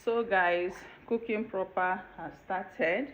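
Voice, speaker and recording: A woman takes it slowly as she hosts a home cooking tutorial, chattily explaining each step and checking in with viewers. Her mid-range voice has fairly even intonation, and the home kitchen footage is dull lo-fi video with faint room noise.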